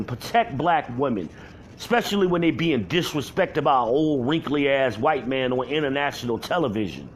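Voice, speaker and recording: Angry yelling man ranting at home. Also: high voice, a little hiss or hum. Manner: yelling, heated, profane. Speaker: vlogger. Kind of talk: angry rant to camera. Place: at home alone.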